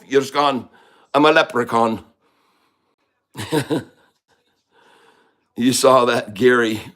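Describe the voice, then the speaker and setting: A man's voice: mid-range voice, a bit bright, natural voice. A man voicing a boastful, joking Irish leprechaun in a put-on Irish accent, teasing his live-stream viewers with mock-tough banter. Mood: gleeful.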